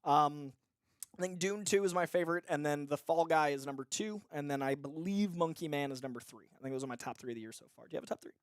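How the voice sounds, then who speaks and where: A man co-hosting a casual movie chat, enthusiastic and quick to laugh. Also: a little high, clear, resonant tone, no echo, clean studio sound. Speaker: co-host.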